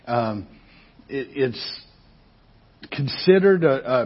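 A man preaching a sermon as pastor, talking to the congregation in a conversational, animated way and asking rhetorical questions. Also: mid-range voice, breathy edge, highs cut off.

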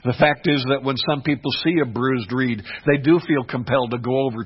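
A pastor delivering a sermon, swinging between hushed, quiet passages and emphatic, rising ones. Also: male voice, mid-range voice, fairly even intonation, brisk, slightly rough. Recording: dull lo-fi recording.

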